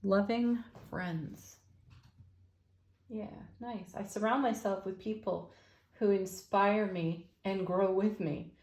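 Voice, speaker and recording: A woman's voice: mid-range voice, fairly even intonation, slow. Enthusiastic woman reading tarot, roomy echo. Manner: gentle, enthusiastic, affirming. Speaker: tarot reader.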